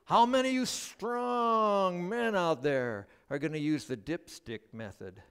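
A middle-aged male pastor preaching a sermon at a church service, joking with the congregation as an animated storyteller. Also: sits high, a little slow, smooth. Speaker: guest pastor.

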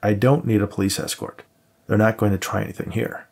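A man's voice: lowish voice, steady tone, brisk, gravelly, darkish tone. A man voicing a tired male police detective who speaks tersely.

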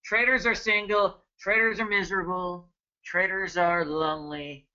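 A man in his thirties hosting a trading webinar, energetic and joking, chatting casually and greeting viewers by name. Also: sits high, a little slow, highs cut off. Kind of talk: casual live webinar talk.

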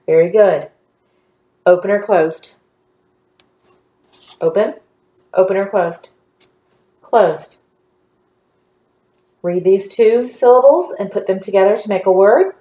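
A woman teaching a phonics lesson to young children, patient and encouraging, drawing out each word slowly. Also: mid-range voice, warm tone, reverberant.

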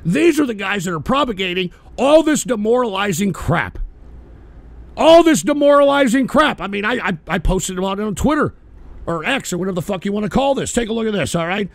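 A male talk show host ranting at his audience in a profane, combative way, often shouting. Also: high-pitched, animated, quick pace, gravelly, dry recording. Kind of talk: live call-in talk show rant.

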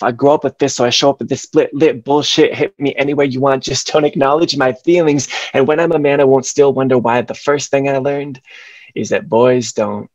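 A man's voice: medium pitch, no echo. A young man presenting over a video call, his voice full of passion and spoken-word rhythm. The audio is dry and close, with a dull, lo-fi edge that comes from the call. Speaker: educator giving a presentation. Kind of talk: presentation with performed slam poetry.

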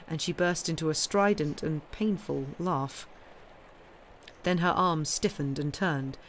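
A woman reading a classic novel aloud on a live stream, with expressive, steady narration. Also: sits low, measured pace, a little hiss or hum. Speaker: audiobook reader.

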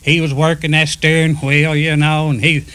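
A man's voice: a little high, level tone, moderate pace, fairly bright tone, smooth, dry recording. A man, casually telling old railroad stories and acting out what people said. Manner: folksy yarn-spinner, acts out quoted speech. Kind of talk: casual storytelling.

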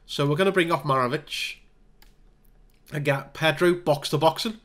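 A man giving casual let's-play commentary on a football management game, chatting through the match with wry asides and bursts of excitement. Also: on the high side, normal speed. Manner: wry, self-deprecating asides. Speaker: gaming video creator.

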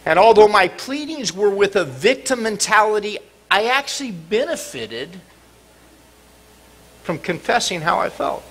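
A middle-aged man preaching a sermon in church, dramatic and expressive, sometimes acting out cries and shouts. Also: high-pitched, a little slow, slightly rough. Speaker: pastor. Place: church sanctuary.

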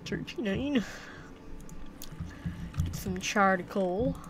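A woman's voice: mid-range voice, drawn-out words, background noise. Playful young woman rambling over a game. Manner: rambling, talks to herself, playful silly chants. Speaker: gameplay commentator. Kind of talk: casual let's-play commentary.

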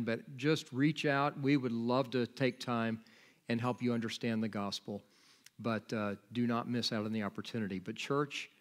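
Animated man preaching a sermon. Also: medium pitch. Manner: animated storytelling with acted-out dialogue; earnest, pleading exhortation. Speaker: pastor. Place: church sanctuary.

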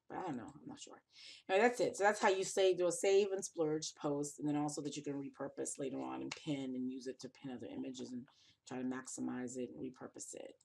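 Exhausted blogger narrating a screen tutorial; raspy, creaky voice, loose and thinking out loud. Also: medium pitch, steady tone, a little fast. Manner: rambling, thinking aloud with restarts. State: tired, yawning. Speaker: fashion blogger.

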